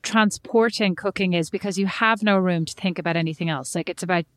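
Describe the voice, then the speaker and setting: A woman's voice: on the low side, fairly quick, dry recording. A woman from Ireland co-hosting a casual podcast chat, talking in an emphatic, wry way. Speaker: podcast co-host. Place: home in the United States.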